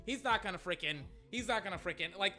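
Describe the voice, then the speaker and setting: A reaction video host ranting in an excitable, profane way with a voice getting strained. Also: mid-range voice, fast talker, soft background music. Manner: excitable, profane, yelling insults.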